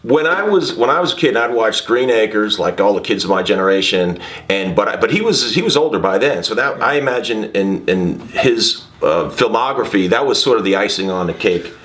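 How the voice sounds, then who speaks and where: A man's voice: lowish voice, animated, a little fast, a bit bright. A man hosting an interview, asking encouraging questions and adding his own memories. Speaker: interview host.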